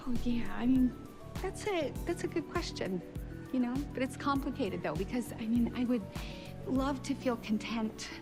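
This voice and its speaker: A frazzled, unhappy young mother, played by an actress confides her struggles in a film scene, self-deprecating and nervously laughing. Her voice sits somewhat high. Movie music runs clearly under her lines. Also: normal speed, natural voice. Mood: confessional.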